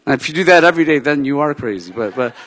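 A man preaching, telling a personal story in an animated way, swinging from shouts down to soft, quiet lines. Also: a little high, rapid-fire, big-room sound. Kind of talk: sermon storytelling.

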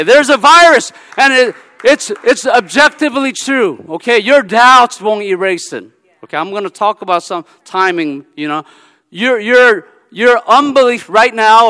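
High-voiced man preaching with long reverb. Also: clear, resonant tone. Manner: animated preaching, repeats phrases with "okay?". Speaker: pastor. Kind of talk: sermon.

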